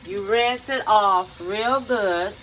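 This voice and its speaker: This middle-aged home cook and channel host speaks slowly in a mid-range, fairly bright voice, with a little hiss or hum in the background. Cooking casually in her own kitchen, she goes over steps again and again and asks "okay?" along the way.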